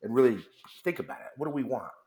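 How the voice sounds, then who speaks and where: A company founder, a guest on a radio interview, tells a long story and acts out the back-and-forth of phone calls. He talks fast in a warm, medium-pitched voice that sounds reverberant in the radio studio.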